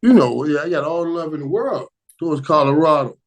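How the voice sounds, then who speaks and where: A man hosting a casual live stream and answering viewer questions, excitable and repeating himself, jumping from loud bursts to low mutters. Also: brisk, rough recording.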